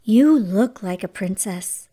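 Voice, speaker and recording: A woman voicing a kind fairy godmother in a hushed, breathy whispered role-play. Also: fairly high pitch, takes it slowly. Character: gentle magical fairy godmother, kind and calm.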